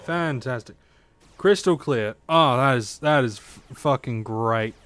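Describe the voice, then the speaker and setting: A man's voice: mid-range voice, measured pace, a bit bright, smooth, faint music behind. A man streaming a game, chatting casually to viewers, rambling with plenty of fillers and swearing freely. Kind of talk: casual livestream chat. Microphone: desk mic at home streaming setup.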